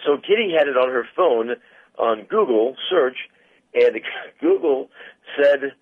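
A man's voice: medium pitch, animated, slow. A man co-hosting casual radio banter, enthusiastic and full of hesitant fillers. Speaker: car dealer co-host. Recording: dull lo-fi radio audio.

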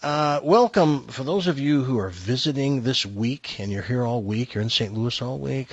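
A man's voice: medium pitch, animated, moderate pace, no echo. Chatty man hosting a radio show. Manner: jokey, chatty, reads promos. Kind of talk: casual studio banter.

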